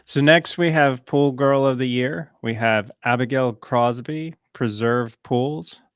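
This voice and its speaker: A man calmly reading out a list of award nominees on a podcast. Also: medium pitch, takes it slowly, clear, resonant tone, dry recording, studio quality.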